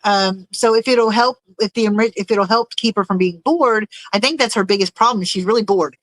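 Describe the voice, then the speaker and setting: Speaking briskly in a fairly bright, mid-range voice, a woman hosts a laid-back livestream where she rambles, reads her chat aloud and regularly stumbles looking for words. The rough recording has no room sound.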